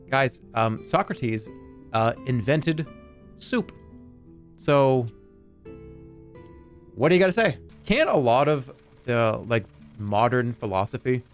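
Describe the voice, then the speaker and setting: A male streamer chatting loosely while he plays, with a voice that swings widely up and down. He bounces between jokes and answers to his chat, and faint music plays in the background. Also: mid-range voice. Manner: animated, joking, answers chat. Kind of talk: casual live-stream chat.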